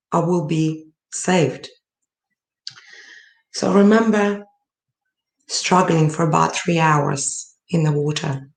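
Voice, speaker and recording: A woman tells a personal story at a summit in a lowish voice. She talks earnestly, with many fillers and restarts, and the room around her is echoey. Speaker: summit speaker.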